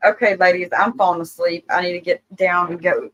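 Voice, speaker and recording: Blunt cussing guy in casual chat, kinda high voice. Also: fairly even intonation, brisk, fairly bright tone, muffled recording, slight background noise. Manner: blunt, profane.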